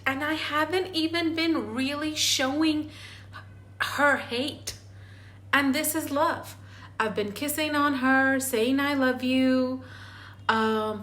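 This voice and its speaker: A woman's voice: high voice, slow pace. A woman, casually talking to the camera in a home video and showing things close up. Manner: expressive, shows jars close to the camera. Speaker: parenting vlogger.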